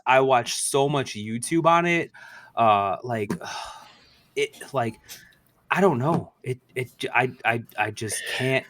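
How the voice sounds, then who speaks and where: A man co-hosting a podcast in a Southern California drawl, easygoing and slangy, peppering his talk with "dude" and "bro". He sounds mildly high, at an ordinary middle pitch. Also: a bit bright, dry recording. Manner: laid-back stoner drawl, lots of "dude" and "bro". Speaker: podcast co-host. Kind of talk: casual chat.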